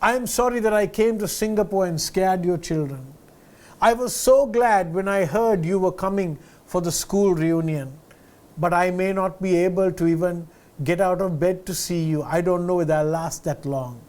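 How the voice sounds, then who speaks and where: A loving, dying elderly mother writes one last letter to her son, as a man reads her words in his own voice. The voice is high, soft and slow, and full of tenderness. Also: natural voice. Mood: tender. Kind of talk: reading a letter aloud in a story.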